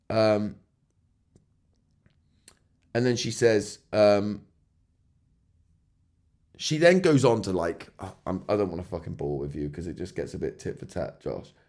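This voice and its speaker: Low-voiced man chatting candidly on a podcast. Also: a little mellow. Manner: candid and conversational, swears casually, laughs now and then; checks in with "right?" and "yeah?". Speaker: podcast host. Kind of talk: casual solo monologue.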